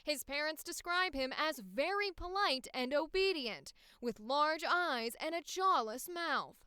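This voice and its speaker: A woman voicing a professional, upbeat female news reporter in an audition read, enunciating crisply like a typical newscaster. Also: high voice, expressive, unhurried, bright, forceful tone, no room sound, clean studio sound, full character voice.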